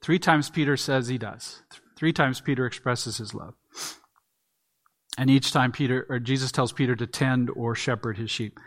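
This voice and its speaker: A man giving a sermon from the pulpit, explaining a text verse by verse. He talks in a plain, conversational teaching manner and sometimes restarts a phrase, with a voice of ordinary middle pitch. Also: normal speed, a bit bright. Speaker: pastor.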